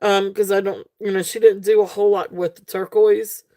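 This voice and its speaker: A woman's voice: mid-range voice, level tone, brisk, warm tone. A woman hosting a live jewelry sale stream, giggly and gushing at her viewers, rambling with lots of fillers. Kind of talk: casual live-stream selling chat.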